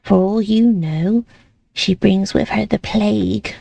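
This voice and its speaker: A woman's voice: mid-range voice, slow, vocal fry, warm tone, no room sound, full character voice. A woman voicing a possessive, controlling female caretaker with a cool, insistent, manipulative manner.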